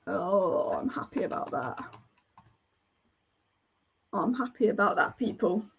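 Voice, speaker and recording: A young woman hosting a live football watch-along, excitable and casual, chanting and swearing as she reacts. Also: medium pitch, slow, creaky, a little hiss or hum. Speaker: football fan livestream host. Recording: dull lo-fi stream audio.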